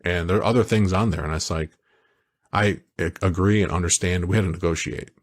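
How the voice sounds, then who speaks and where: A man co-hosting a podcast, talking in a casual, animated way that wanders through stories. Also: low voice, brisk. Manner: animated, storytelling, digressive. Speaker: podcast co-host. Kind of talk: casual chat.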